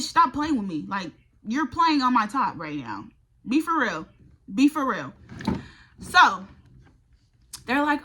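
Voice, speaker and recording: A woman's voice: fairly high pitch, sharp tone. A young woman vlogger telling a college storytime in a casual, profane, exasperated way. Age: young adult. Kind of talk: storytime vlog.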